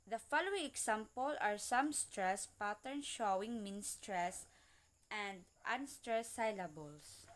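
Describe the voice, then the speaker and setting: A woman giving an English lesson, speaking slowly and carefully and repeating each example word. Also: fairly high pitch, a bit bright. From Philippines. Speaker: student presenter. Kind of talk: slow classroom-style lesson reading.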